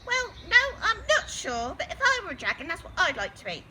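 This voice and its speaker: Woman doing a shrill dotty old wizard. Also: wildly swooping pitch, brisk, noisy background, heavily acted. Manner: squeaky, shrieking exclamations.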